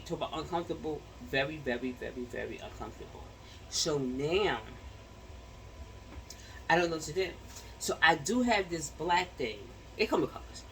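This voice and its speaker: A woman's voice: deep voice, fairly bright tone, recorded from a distance, a little hiss or hum, rough recording. Chatty slangy woman vlogging from home. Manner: chatty, slangy, laughs often. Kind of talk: casual chat to the camera. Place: home bedroom.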